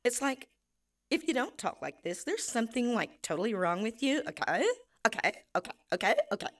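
Brief: breathy ditzy valley girl, put on by a woman, sing-song. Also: on the high side, sing-song, brisk, a bit bright. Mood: airy. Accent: California Valley girl. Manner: airy, full of "like".

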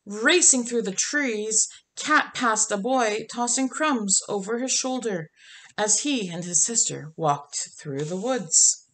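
A woman reading a children's picture book aloud in a gentle, expressive storytelling manner. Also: a little high, takes it slowly. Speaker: storybook reader.

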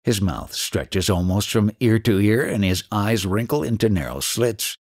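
A man narrating an audiobook in a measured, deliberate reading. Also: lowish voice, lively intonation, a little mellow, dry recording, studio quality.

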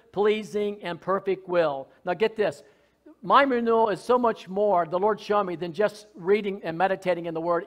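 A man preaches a sermon in a high, fervent voice. He is folksy and joking, drops to soft asides, then rises to loud shouted lines. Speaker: pastor.

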